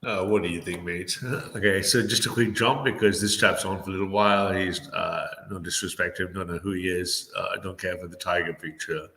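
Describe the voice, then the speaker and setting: A man's voice: low-pitched, fairly even intonation, brisk, few pauses, bright, forceful tone. A man giving casual spoken commentary on a debate, rambling with many fillers and restarts.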